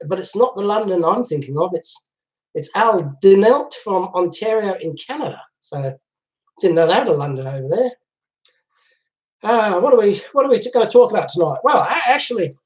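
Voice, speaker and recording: A man hosting a casual live chat from home, chatting and laughing easily as he reads out viewer comments. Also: high voice. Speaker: livestream host. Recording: dull lo-fi livestream audio.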